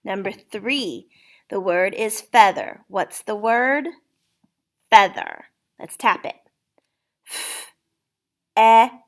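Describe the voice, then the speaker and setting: Woman teacher going through spelling words super slow, patient, sounding out letters. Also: mid-range voice, expressive. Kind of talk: spelling lesson for a child.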